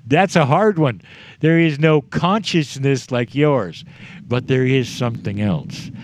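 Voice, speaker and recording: A man giving a spiritual talk to a group, slow and deliberate, letting his voice drop low at the ends of phrases. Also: a little hiss or hum. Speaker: spiritual speaker.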